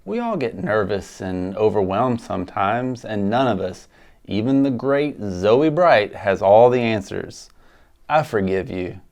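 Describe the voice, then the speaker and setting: A man playing a kind, supportive friend who speaks gently and reassuringly. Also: on the low side, lively intonation, measured pace. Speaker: caller in a church skit. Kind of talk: amateur stage skit.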